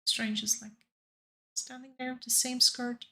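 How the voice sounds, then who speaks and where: A woman's voice: a little high, little pitch movement, a little slow, pushed and bright. A woman streaming a game, chatting casually and playfully with the other players and her viewers.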